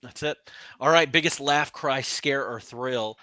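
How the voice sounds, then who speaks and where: A man's voice: mid-range voice, a little slow, no echo. A man co-hosting a podcast, chatting loosely about a film, laughing easily and moving the talk along to the next segment. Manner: relaxed, laughs often, runs the segments. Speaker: podcast co-host. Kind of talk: casual movie review chat.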